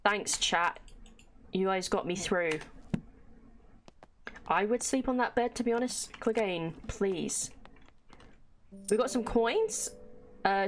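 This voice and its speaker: A woman's voice: on the high side, takes it slowly, long pauses, slight background noise. A woman streaming a game live, chatting casually with her chat and reading in-game text aloud. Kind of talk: casual gameplay livestream chat.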